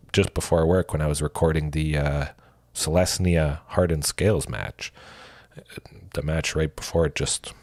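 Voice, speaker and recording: A man streaming a card game, commenting casually and thinking aloud, with excited exclamations and a lingering cough. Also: very deep voice, husky. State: coughing, with a cold.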